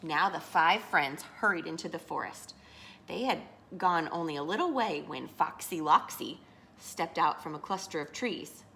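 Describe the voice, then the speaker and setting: A woman reads a picture book aloud to children, stopping to quiz them like a teacher. Her voice is bright and forward with a gravelly fry, and her pitch rises and falls in animated swoops. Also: normal speed, slight background noise. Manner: expressive, teacherly, asks listeners questions. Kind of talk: read-aloud with questions to children.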